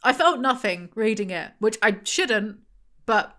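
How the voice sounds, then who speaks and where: A woman's voice: on the high side, expressive, measured pace, sharp tone. A woman chatting casually as a book reviewer, rambling and sarcastic, going off on tangents. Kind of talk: casual chat.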